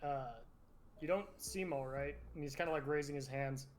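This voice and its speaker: A man's voice: fairly high pitch, normal speed, slight background noise. A man playing a tabletop role-playing game in an easygoing, mild way. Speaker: player.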